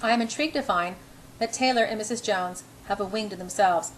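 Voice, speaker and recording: A woman's voice: medium pitch, a little fast, slight background noise, rough recording. A woman reading a novel in the first person, narrating her inner thoughts wryly, with small restarts. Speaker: audiobook reader.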